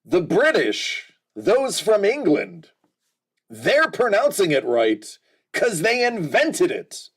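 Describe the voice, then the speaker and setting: Easygoing American streamer guy, bantering with chat, high and bouncy voice. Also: huge pitch swings, slow pace, husky. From United States. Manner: chatty and joking, addressing viewers by name. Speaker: livestream host. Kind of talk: casual livestream chat.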